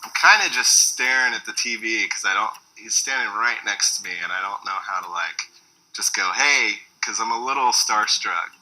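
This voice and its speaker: Bright-voiced man telling an anecdote. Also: lowish voice, normal speed, soft background music, poor audio. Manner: animated, acts out quoted voices. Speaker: storyteller in a documentary. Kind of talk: casual anecdote.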